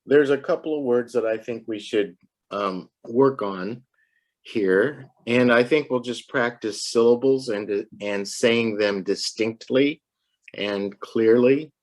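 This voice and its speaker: A woman tutoring English one-on-one, patiently drilling words and repeating them clearly for a child. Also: extremely low pitch, slow, darkish tone. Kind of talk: one-on-one pronunciation lesson.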